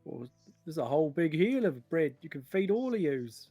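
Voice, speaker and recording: A man at a tabletop game, cheeky and quick with a joke as he plays his character. His voice sits a little high and sounds dry and close. Faint music hums behind. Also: big pitch swings, creaky, mellow, slightly rough, no room sound. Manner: cheeky, joking. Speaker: player.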